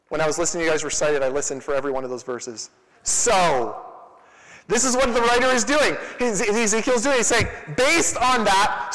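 A young man giving a youth sermon in an energetic, conversational way, with quick asides to the crowd. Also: high-pitched, big-room sound, poor audio. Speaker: youth pastor.

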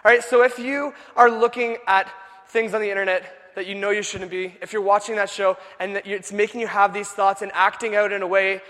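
A young man preaching a sermon, telling the story in a casual, animated way with many filler words. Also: high-pitched, brisk. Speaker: youth pastor. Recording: long echo of a large hall.

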